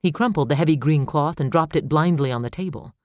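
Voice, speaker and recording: Man, audiobook narrator, measured storytelling, dry close recording. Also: fairly high pitch, no room sound. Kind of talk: scripted narration.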